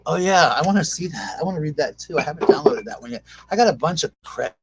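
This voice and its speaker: A man's voice: on the high side, animated, fast, a crowd in the background, rough recording. Rambling chatty man on a live stream. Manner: rambling, chatty, self-interrupting. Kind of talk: casual live-stream chat.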